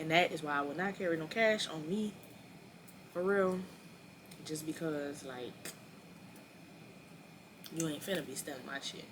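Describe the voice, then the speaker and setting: Low-voiced young woman, blunt storytelling. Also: a little slow, long pauses, noisy background. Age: early 20s. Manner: animated, blunt and profane, acts out quoted dialogue. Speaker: storyteller vlogger. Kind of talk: casual storytime monologue.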